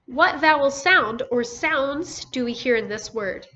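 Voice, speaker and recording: A woman's voice: sits high, animated, bright, forceful tone. A woman teaching a recorded phonics lesson to young children, sounding out each word syllable by syllable. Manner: slow, sounds out words syllable by syllable. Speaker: first grade teacher. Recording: dull lo-fi recording with faint noise.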